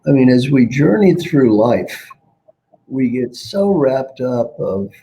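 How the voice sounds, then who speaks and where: Gravelly older man, animated storyteller. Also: mid-range voice, takes it slowly, a little hiss or hum, low-quality recording. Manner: animated, repeats key phrases. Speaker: guest executive coach. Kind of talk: reflective interview talk with storytelling.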